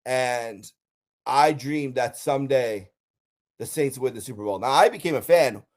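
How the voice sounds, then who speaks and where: A man's voice: mid-range voice, measured pace. A middle-aged man from Buffalo telling personal stories in a casual countdown, upbeat with frequent ums. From Buffalo, USA. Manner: enthusiastic storyteller, frequent ums and uhs.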